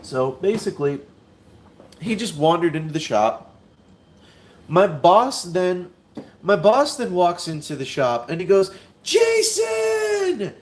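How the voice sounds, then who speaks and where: A man's voice: on the high side, expressive, a little slow, pauses often, a little mellow. A man telling a long story while unboxing a toy, rambling, repeating himself and using lots of fillers.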